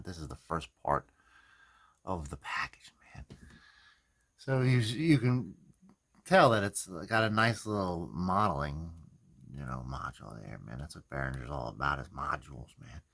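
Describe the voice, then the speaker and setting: Lively, rambling guitar-workshop guy. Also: low voice, vocal fry. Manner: rambling, loose and profane, peppered with "man" and "you know what I mean"; laughs at his own jokes. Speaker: host of a guitar repair video journal. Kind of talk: casual hands-on workshop chat.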